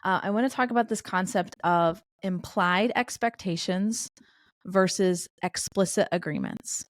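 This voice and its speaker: A woman's voice: on the low side, measured pace, dry recording, clean studio sound. A middle-aged woman as a podcast guest, telling candid stories full of quoted dialogue in a conversational way. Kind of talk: conversational interview storytelling.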